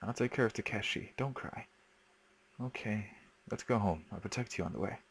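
A man voicing a teenage schoolboy in a horror game, speaking quietly and flatly. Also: lowish voice, normal speed, gravelly, breathy edge. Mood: gentle.

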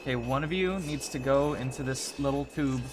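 Speaking at medium pitch and normal speed, a young YouTuber narrates his gameplay casually amid background noise. He pleads with and swears at the on-screen characters and himself, celebrating when things go well.

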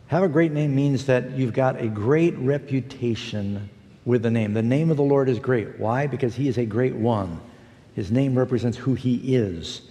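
Folksy preacher in a reverberant hall. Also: male voice, mid-range voice, warm tone. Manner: storytelling, folksy, emphatic. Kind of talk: broadcast sermon.

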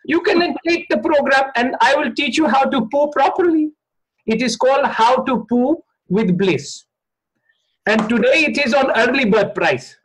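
A man putting on a money-grubbing male guru who sermonizes slowly in broken English. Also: extremely high pitch, a bit bright, breathy edge, exaggerated voice, low-quality recording. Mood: mock serene.

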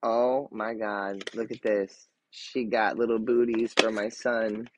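Speaking slowly in a lowish voice, a man in his thirties streams live in a casual setting, excitable and gushing, restarting sentences and leaning on fillers. Now and then he drops to a soft murmur, and there's noise in the background.

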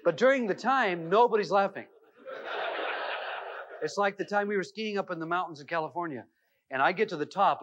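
A middle-aged man with a high voice tells a funny anecdote as a seminar speaker, animated and full of fillers. The sound is dull and lo-fi, like an old 1990s videotape. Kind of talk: humorous storytelling talk.

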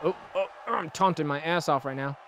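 A young man hosting a gaming video, giving excitable, jokey let's-play commentary and laughing often. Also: on the high side, a little fast, a little hiss or hum. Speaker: gaming channel host.

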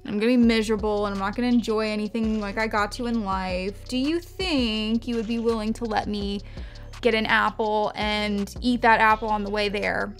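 A woman's voice: medium pitch, moderate pace, lightly acted. A woman voicing a whiny, drunk male trickster who pleads and bargains, in a storytelling video. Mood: pleading. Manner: pleading, wheedling.

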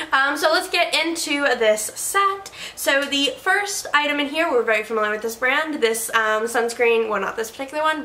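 A woman with a bright, fairly high voice reviews products in casual chat. She is playful, makes joking asides and corrects herself often. The sound bounces around an echoey room over faint ambience. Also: slight background noise.

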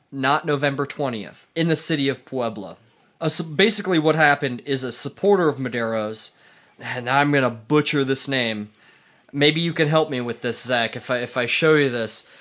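A man's voice: mid-range voice, a bit bright. A man co-hosting a casual podcast, telling history in a rambling way with fillers and frequent laughs. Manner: rambling, laughs often, many fillers and restarts. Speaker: podcast co-host leading the history topic. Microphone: studio microphone.

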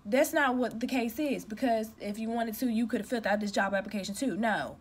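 A woman's voice: on the high side, brisk, slightly rough. A young woman who works in customer care, talking from home in a direct, emphatic, venting way. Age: young adult. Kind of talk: casual rant to camera.

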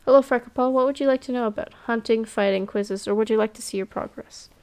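Woman doing a perky teacher cat, higher and loud, quick instructions. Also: clean tone, natural voice. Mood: cheerful.

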